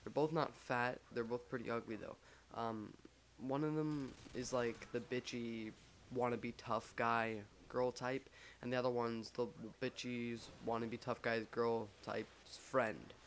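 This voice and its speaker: A guy tells a story in a loose, rambling way, full of "like" and "um," and he jokes at his own expense. His voice sits at a middling pitch and stays flat and level, and a faint hiss of noise runs under it. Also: a little slow. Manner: rambling, filler-heavy, lots of "like"; joking, self-mocking. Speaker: vlogger telling a story. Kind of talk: casual storytime over gameplay.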